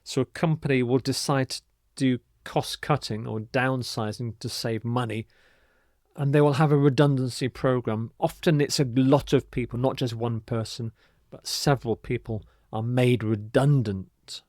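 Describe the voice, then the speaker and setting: A man teaching English vocabulary, speaking clearly and deliberately and modelling the pronunciation and stress of each word. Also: mid-range voice, fairly even intonation, darkish tone, no echo, clean studio sound. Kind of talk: scripted vocabulary lesson.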